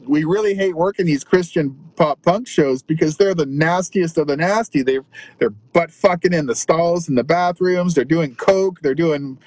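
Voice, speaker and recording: A man with a slightly higher voice spins crude road stories in a casual, laughing ramble. He slips into other people's voices as he goes. The sound is dry and close, with no room around it. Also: normal speed, darkish tone, dry recording, poor audio. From Canada. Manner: profane, laughing anecdotes with voiced quotes. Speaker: touring punk rock musician, guest. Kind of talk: casual storytelling chat. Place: in a car.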